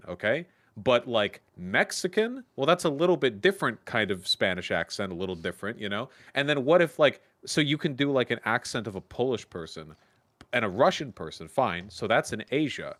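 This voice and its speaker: A man's voice: mid-range voice, fairly bright tone. A young man, a show guest, talking casually and rambling, often checking in with "okay?". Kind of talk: casual debate chat.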